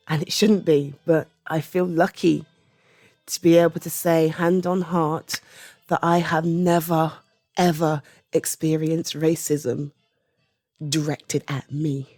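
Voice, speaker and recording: British woman, 30s, audio creator: low voice, unhurried, soft and halting, drops to whispers, dry close sound. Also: dry recording. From Britain. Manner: soft-spoken, halting, often trailing into a whisper. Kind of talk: personal opinion monologue.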